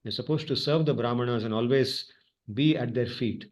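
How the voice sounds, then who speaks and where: A man's voice: medium pitch, moderate pace. A man teaching a scripture class, telling stories expressively and mixing in Hindi phrases.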